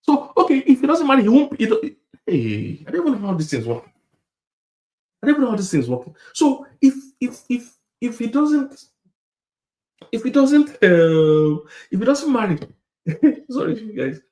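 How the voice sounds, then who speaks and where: A man preaching a sermon, repeating his points, laughing, and swinging from loud to hushed. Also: sits high, very animated, measured pace. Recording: echoey hall.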